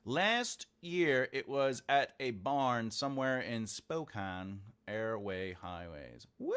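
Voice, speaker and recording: A man writing a book live talks to his viewers casually while typing his outline, thinking aloud and muttering as he goes. He speaks slowly yet with hardly any pauses, his medium-pitched voice smooth, fairly bright and full of big pitch swings.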